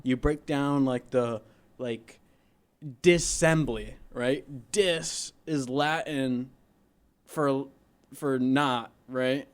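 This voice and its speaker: A man's voice: medium pitch, very slow, smooth. A man co-hosting a podcast, chatting casually and teasing his friend in playful banter. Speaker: podcast co-host. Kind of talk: casual chat.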